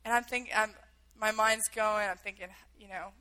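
A woman's voice: mid-range voice, fairly even intonation, moderate pace, pushed and bright, clear, resonant tone, rough recording. A woman telling a personal story in a vivid, emotional way, acting out the quotes.

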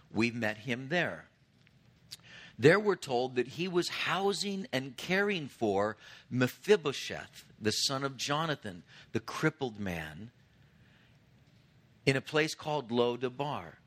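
Man, 50s, pastor, sermon, conversational storytelling, bright forceful tone. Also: mid-range voice. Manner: earnest storytelling preacher who explains scripture conversationally.

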